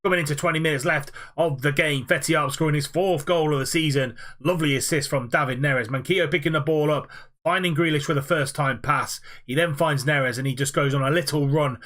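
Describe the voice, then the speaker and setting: Young man, upbeat gaming commentator calling football matches, slightly higher voice, filler-heavy delivery. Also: a bit bright. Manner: quick play-by-play with frequent "uh" fillers. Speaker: video game player commentating his own matches. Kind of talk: play-by-play football commentary over gameplay.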